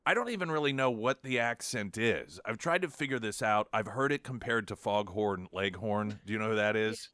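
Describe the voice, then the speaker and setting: A man's voice: fairly low pitch, moderate pace, hardly any pauses, a bit bright, no room sound. A man hosting a morning talk radio show, chatting and giving opinionated commentary with many fillers and restarts. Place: radio studio. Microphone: studio microphone.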